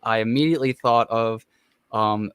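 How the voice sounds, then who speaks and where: A man hosting a podcast, telling a long personal story in an excited, rambling way full of fillers. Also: medium pitch, normal speed, clean tone, dry recording, clean studio sound. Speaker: podcast host. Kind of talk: casual chat.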